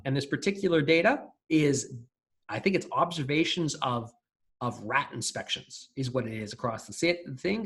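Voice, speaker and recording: A man teaching a recorded programming class, talking casually and thinking aloud with fillers and restarts. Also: a little high. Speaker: lecturer. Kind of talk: recorded coding lecture.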